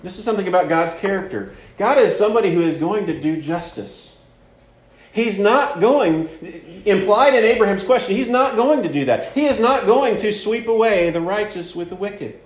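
A man's voice: high-pitched, lively intonation, moderate pace. A man preaching a sermon that teaches through a Bible passage, earnest, repeating words and leaning on fillers as he explains. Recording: roomy echo.

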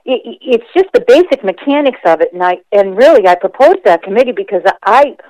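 A woman school board member calling in to a radio show, speaking earnestly with a slightly gravelly morning voice. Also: on the high side, very animated, brisk, dark tone, no room sound, poor audio. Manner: earnest, emphatic, restarts phrases. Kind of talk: call-in conversation.

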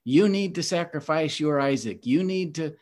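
A man's voice: fairly high pitch, lively intonation, moderate pace, darkish tone. A man hosting a Bible teaching podcast, earnest and emphatic in a preacherly way. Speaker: host.

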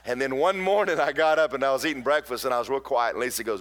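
A man's voice: mid-range voice, racing, hardly any pauses, a bit bright. A middle-aged man, a pastor preaching a sermon in folksy storytelling with emphatic bursts.

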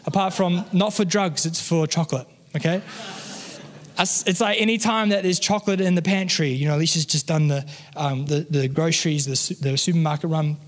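A man's voice: fairly high pitch, a little fast, long reverb tail. A man in his thirties, a pastor, giving an earnest, conversational sermon with personal stories.

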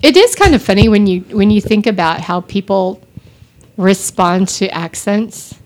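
A woman in casual podcast chat, talking at an easy middle pitch. She drifts from point to point, adding asides as she goes. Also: animated, measured pace. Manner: chatty, digressive. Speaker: podcast co-host. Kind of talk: casual chat about audiobooks.

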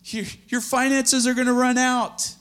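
A preacher voicing a fretful, nagging male inner voice that predicts doom, pitched well above his normal speaking voice. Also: little pitch movement, unhurried, a bit bright.

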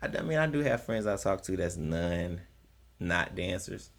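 Gravelly-voiced man in lively podcast banter. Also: sits low, normal speed. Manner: animated storytelling, acts out quoted voices. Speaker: podcast co-host. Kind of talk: casual comedic chat.

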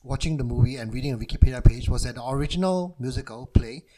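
Brief: male podcast co-host, easygoing, quick to laugh, mid-pitched voice. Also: crowd noise, low-quality recording. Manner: relaxed, chatty, laughs often. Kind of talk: casual film podcast chat.

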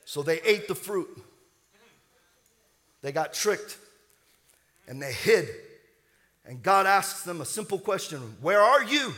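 A man's voice: sits high, expressive, slow, long pauses, a bit bright. A man preaching a sermon as pastor, building with rising fervor and leading the congregation in call-and-response.

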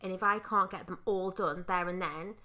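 A woman's voice: on the low side, steady tone, moderate pace, bright, forceful tone. A woman from Wales co-hosting a podcast, chatting casually, swearing now and then and joking at her own expense. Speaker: podcast co-host. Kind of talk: casual chat.

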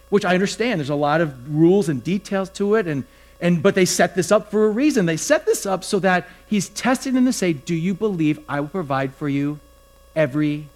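Conversational male pastor preaching. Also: sits high. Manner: conversational, animated storytelling with acted-out quotes. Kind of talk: sermon.

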